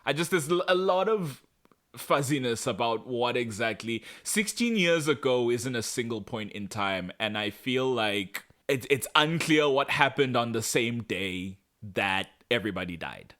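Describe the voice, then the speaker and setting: A man's voice: medium pitch, animated, measured pace, fairly bright tone. A man co-hosting a podcast, recapping a TV episode in casual chat, sarcastic and acting out the characters' lines. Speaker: podcast co-host.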